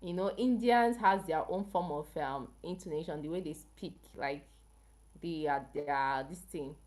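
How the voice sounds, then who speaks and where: A woman's voice: sits low, measured pace, darkish tone. Chatty African woman on a livestream. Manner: chatty, keeps asking viewers questions. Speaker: health channel livestream host. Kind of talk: casual livestream chat with viewers.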